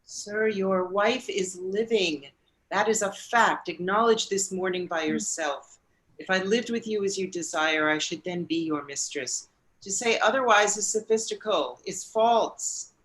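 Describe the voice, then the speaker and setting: A woman doing a calm resolute young woman. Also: medium pitch, a little slow, voice pushed down, natural voice, low-quality recording. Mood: firm. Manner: steady, restrained. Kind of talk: audiobook character reading.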